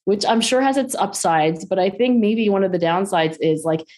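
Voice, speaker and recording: A middle-aged woman as an interview guest, talking in casual, animated conversation and laughing easily as she acts out quoted voices. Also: medium pitch, moderate pace.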